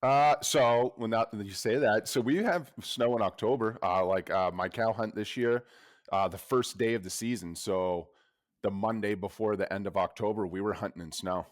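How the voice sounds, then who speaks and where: Low-voiced easygoing hunting guide. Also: male voice, moderate pace, no echo, studio quality. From Maine. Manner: easygoing, brief replies. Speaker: moose hunting guide, guest. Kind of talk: casual interview chat.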